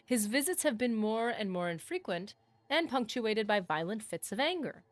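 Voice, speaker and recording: A woman reading aloud the lines of a proud ancient goddess queen from a video game in a measured, solemn way, with an even, close, dry sound. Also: on the high side, no room sound.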